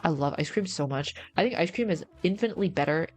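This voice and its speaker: A woman's voice: on the low side, lively intonation, fast, soft background music. A woman streamer in casual, slangy livestream chat, rambling and answering her chat. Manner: rambling, slangy, says bro a lot.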